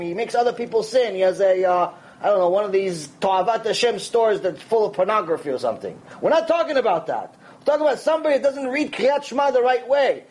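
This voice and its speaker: A man giving a conversational Torah lecture, animated and acting out quoted voices along the way. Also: sits high. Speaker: rabbi.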